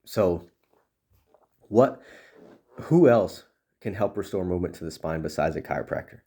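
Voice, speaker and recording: With a low, husky, warm voice, a man coaches other chiropractors at a moderate pace, speaking expressively. He's a chiropractic consultant, casual and earnest, who repeats words, restarts often and fills his talk with "you know."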